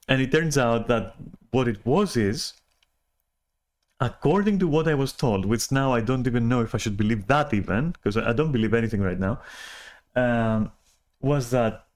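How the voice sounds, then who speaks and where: A man's voice: mid-range voice, expressive, moderate pace. A man venting in a casual monologue, agitated and exasperated, swearing often and restarting his sentences. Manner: agitated, profane, exasperated rant with many restarts. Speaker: podcaster venting.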